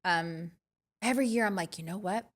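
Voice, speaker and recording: A woman's voice: on the low side, fairly quick, slight background noise. A woman co-hosting a podcast, chatting casually and telling stories as a mother of young kids, trailing off into asides. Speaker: podcast co-host. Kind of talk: casual chat.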